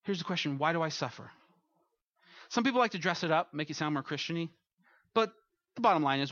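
A man's voice: fairly high pitch, lively intonation, fast talker, long pauses, a bit bright, dry recording, dull audio. A man preaching a conversational sermon as pastor, who acts out little quoted voices as he goes.

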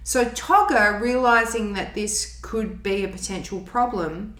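A woman's voice: medium pitch, unhurried, a bit bright, reverberant. A woman from Australia, chatting casually, chiming in and correcting details of a story.

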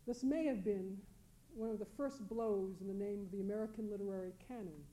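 A woman on a panel reading a prepared academic talk, measured and deliberate, leaning on key words for emphasis. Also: medium pitch, steady tone, dark tone, rough recording. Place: lecture hall panel.

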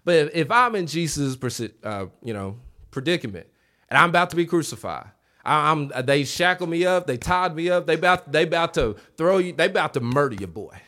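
A man preaching a revival sermon in a church, animated, acting out quoted voices and calling on the congregation to answer back. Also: fairly high pitch, fairly quick. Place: church sanctuary.

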